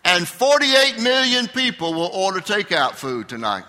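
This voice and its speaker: A very animated older male pastor preaches at normal speed in a high-pitched, bright, forceful voice. His Sunday sermon is conversational, and he asks the congregation questions. It's recorded in a sanctuary with long hall reverb.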